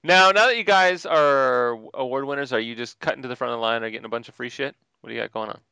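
A man hosts a podcast with a bright, clear voice that swings up and down. He jokes with an upbeat showman's flair, recorded dry and close on the mic. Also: medium pitch, fast talker, dry recording. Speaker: podcast host. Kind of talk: casual podcast chat.

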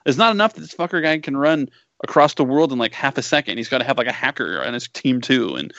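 A man's voice: mid-range voice, expressive, quick pace, fairly bright tone, no echo. A man co-hosting a casual chat, joking wryly with lots of fillers, on a dry, slightly dull recording.

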